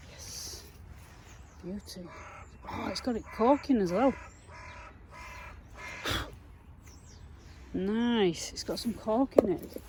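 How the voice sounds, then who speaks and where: A Yorkshire woman chatting to camera out in a muddy field, easily excited by what she finds. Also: medium pitch, a little hiss or hum, poor audio. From England. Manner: chatty, easily excited, talks to herself and viewers. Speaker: metal detecting vlogger. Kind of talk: casual talk to camera while digging.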